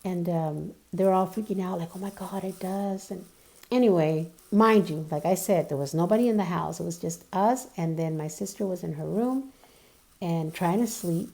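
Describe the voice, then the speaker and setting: Gravelly-voiced woman telling a story. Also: on the low side, normal speed, warm tone. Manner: rambling, lots of "like" and "you know". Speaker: vlogger. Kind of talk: casual storytelling.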